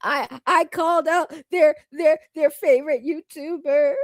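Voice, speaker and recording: A woman putting on the voice of a whiny, tearful woman streamer who begs for pity, with slow, drawn-out mock crying. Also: sits high, steady tone, dry recording. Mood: mock sobbing. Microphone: computer microphone.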